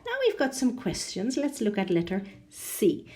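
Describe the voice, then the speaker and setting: A woman teaching English pronunciation online. She often tags her sentences with a questioning "no?" and spells out and exaggerates sounds slowly for learners. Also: on the high side, wildly swooping pitch, darkish tone, faint music behind. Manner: ends many sentences with a questioning "no?".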